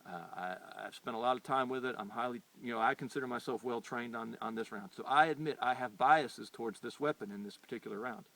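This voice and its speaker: A middle-aged man from the United States gives an unscripted opinion monologue at a medium pitch. He talks earnestly and insistently, stumbling and repeating words as he goes. The mic sits some distance from him. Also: quick pace, creaky, hardly any pauses, sharp tone. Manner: earnest and insistent when arguing. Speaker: firearms channel host. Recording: voice picked up from a distance.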